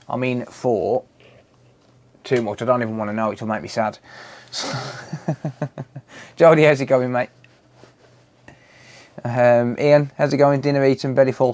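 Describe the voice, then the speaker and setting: A man's voice: mid-range voice, a little mellow. Chatty British man hosting a live stream. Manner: chatty, reads out and answers viewer comments, swears casually. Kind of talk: casual live-stream chat.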